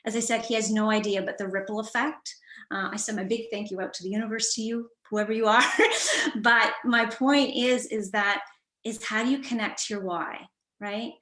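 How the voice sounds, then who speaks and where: An earnest woman coach shares a personal story in a reflective, conversational manner, often pausing and restarting her sentences. Her voice sits in a middle pitch, and the room around her gives it a noticeable echo. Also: fairly even intonation, a bit bright. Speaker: guest coach.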